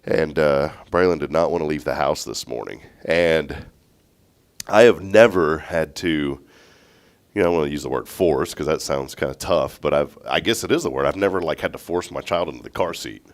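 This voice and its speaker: Deep-voiced congested man. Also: normal speed. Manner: rambling, laughs often. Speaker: morning show host. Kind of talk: casual chat.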